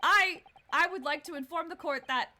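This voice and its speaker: Woman doing a jittery young man in a courtroom game, high anxious voice, loud, bright tone. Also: moderate pace, exaggerated voice. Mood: nervous. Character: young male defendant, nervous and flustered.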